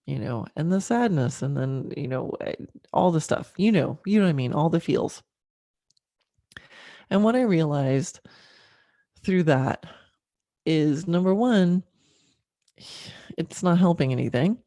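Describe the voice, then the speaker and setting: A middle-aged woman hosting a podcast, telling a personal story candidly and emotionally, with frequent fillers and soft laughs. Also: deep voice, expressive, takes it slowly, pauses often, no echo, clean studio sound. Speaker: podcast host.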